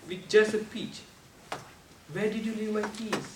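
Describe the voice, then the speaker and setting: Delivering a prepared speech at a club meeting, a man explains voice use in a slow, deliberate manner, his intonation fairly even and his grammar non-native. Sudden bursts of pitch and loudness appear as demonstrations. He's far from the mic in an echoey room, and faint noise is audible.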